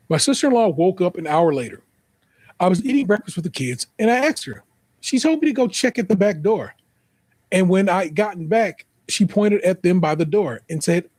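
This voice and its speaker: Husky man reading a post aloud. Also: high-pitched, a little mellow, dry recording. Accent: American. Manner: profane, joking, spells out misspellings. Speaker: podcast host. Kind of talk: casual reading of an online post with commentary.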